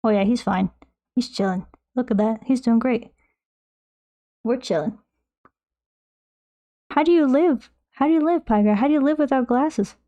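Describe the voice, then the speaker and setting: A woman's voice: fairly high pitch, moderate pace, pauses often, mellow. A young woman streamer chatting casually while painting, playful and swearing freely.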